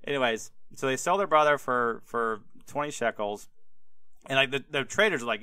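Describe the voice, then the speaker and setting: Bright, crisp young man riffing casually. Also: fairly high pitch, a little fast, dry recording. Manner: laid-back, rambling, lots of fillers and acted-out voices. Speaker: podcast host. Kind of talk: casual comedic Bible retelling.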